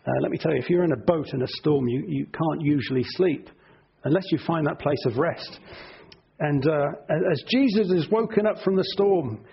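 A man's voice: a little high, gravelly, breathy edge, muffled recording. A middle-aged man preaching an earnest sermon to his congregation, often repeating words for emphasis.

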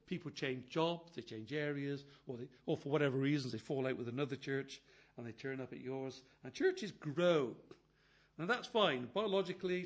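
Earnest older preacher, slightly high voice. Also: male voice. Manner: earnest, quotes scripture, swings between quiet asides and emphatic bursts. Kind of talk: sermon.

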